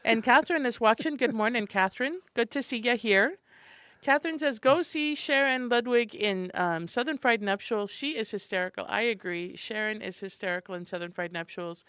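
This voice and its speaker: A woman in a radio studio co-hosts a morning show, cheerfully listing community events as she reads from a calendar in a chatty, enthusiastic way. Her fairly high voice, at a moderate pace, is a bit bright and clean. Through the studio microphone it sounds studio quality, with no room sound.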